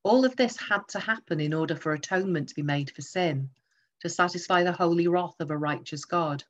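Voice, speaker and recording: A woman's voice: lowish voice, brisk, dull audio. A woman preaching a sermon, emphatic and teaching through rhetorical questions.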